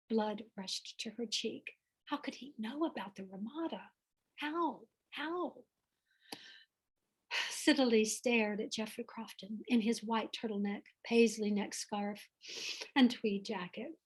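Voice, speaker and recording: Breathy woman reading her novel aloud. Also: a little high, a little slow. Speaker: author. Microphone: online event, home setup.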